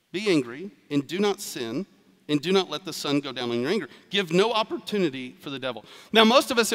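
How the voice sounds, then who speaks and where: A man preaching a sermon as pastor, in a conversational, animated way with asides. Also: high-pitched. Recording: reverberant hall.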